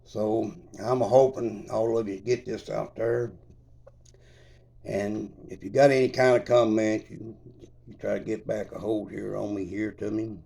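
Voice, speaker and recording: Man, heavy gravelly fry, dark mellow tone, low-ish voice, rambling folksy storytelling. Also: fairly even intonation, measured pace. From Kentucky. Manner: folksy, repetitive, with constant "I said" and dialect grammar. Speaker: traveler telling his own story.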